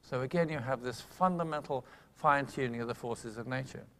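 An older man giving a public lecture, telling a science story with lively emphasis and quick asides. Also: mid-range voice. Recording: long hall reverb.

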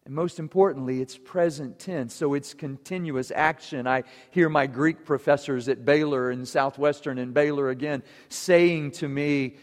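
A man preaching a sermon to his congregation, earnest and emphatic. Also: on the high side. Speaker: pastor. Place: church sanctuary. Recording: long church reverb.

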